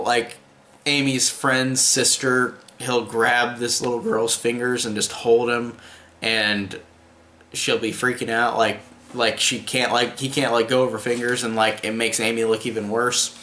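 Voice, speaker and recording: A man's voice: mid-range voice, bright, forceful tone. A young man giving a casual video review, rambling, with many fillers and restarts. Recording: roomy echo.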